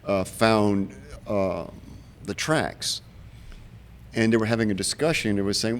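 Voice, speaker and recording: An older man in his seventies with a somewhat low voice, telling stories from his military service in a relaxed, chatty way. He livens up his anecdotes by acting out the voices of the people he quotes. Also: unhurried, slight background noise. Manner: animated, acts out quoted voices. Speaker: Vietnam veteran guest. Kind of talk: casual storytelling.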